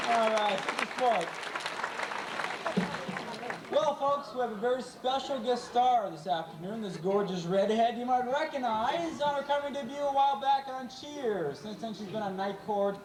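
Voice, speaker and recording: A man's voice: very high-pitched, expressive. Male stage trainer, teasing showman patter, taped from afar in a noisy, roomy venue. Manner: playful, jokey, gives quick dog commands. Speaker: animal trainer and show host. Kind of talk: live stage show patter. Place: live animal show before an audience. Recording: echoey, distant, crowd noise, amateur camcorder. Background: audience cheers and laughter.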